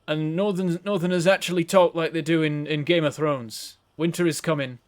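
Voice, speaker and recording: A man from northern England with a softened northern English accent, rambling and chatty as he streams a game. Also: fairly high pitch, steady tone, moderate pace. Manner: rambling, chatty, self-correcting. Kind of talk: casual live-stream game commentary.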